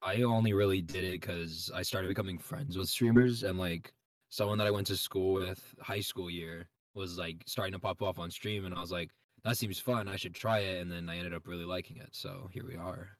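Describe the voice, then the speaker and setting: A young man guest talking casually and hesitantly, full of fillers, trailing off quietly. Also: low voice, fairly even intonation, fairly quick, no room sound, studio quality. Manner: mumbly, hesitant, lots of fillers. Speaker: guest streamer. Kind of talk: casual chat.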